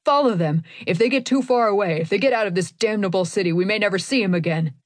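Woman voicing an angry male priest, bloodied, cursing, hurried, urgent, dry close sound. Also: mid-range voice, no room sound, natural voice.

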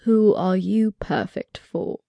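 A woman voicing an intense young man in an audiobook, whose lines swing from heated accusation to a husky hush. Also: on the low side, slow, no room sound, highs cut off. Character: intense young British man, frustrated and yearning.

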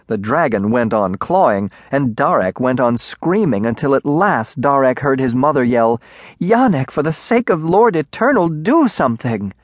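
A man narrating a children's storybook in a measured, expressive way on a close studio mic. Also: mid-range voice, dry recording. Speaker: audiobook narrator.

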